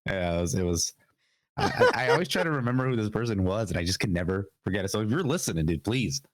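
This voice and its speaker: A man's voice: on the low side, wildly swooping pitch, fast, no room sound, clean studio sound. A young man hosting a casual gaming podcast, a bit sick with a cough, rambling and repeating his words. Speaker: podcast host. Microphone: podcast mic.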